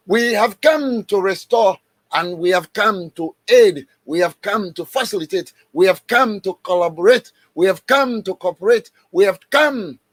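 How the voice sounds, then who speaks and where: A man speaking on a radio broadcast, giving an impassioned, emphatic address that repeats phrases and bursts into raised, shouted stretches. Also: high-pitched, no room sound. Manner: emphatic, repetitive and exhorting, with sudden raised outbursts.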